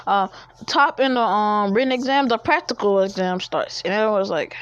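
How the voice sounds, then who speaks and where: A woman's voice: medium pitch, brisk, smooth. A woman telling a story in casual chat, rambling, with many fillers and restarts. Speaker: fan-fiction storyteller. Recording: dull lo-fi dry recording.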